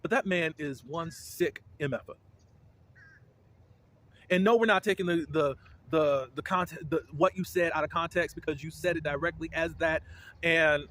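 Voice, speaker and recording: A man giving casual, blunt commentary as a reality TV recap host, with indignant, animated reactions. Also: fairly high pitch, moderate pace.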